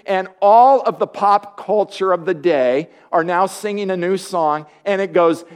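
Man, preacher, high voice, sermon storytelling, joking asides, playful. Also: a little slow, few pauses, clean tone.

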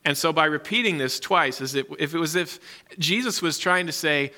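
Male pastor preaching earnestly, bright forceful tone, slightly raised pitch, long hall reverb. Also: moderate pace. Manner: earnest, emphatic teaching. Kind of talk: sermon with scripture reading and prayer.

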